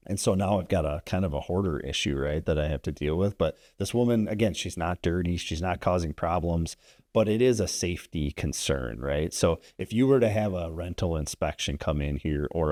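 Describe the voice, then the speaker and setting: A man's voice: low-pitched, a little mellow, dry recording, clean studio sound. A man, a landlord and investor guest, telling a story in casual podcast chat, rambling and tagging sentences with "right?".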